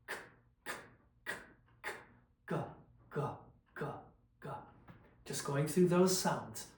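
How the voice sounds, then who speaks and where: A man teaching diction drills in a calm, explanatory way, demonstrating each exercise aloud. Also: on the high side. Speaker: vocal coach. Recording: roomy echo, faint background noise.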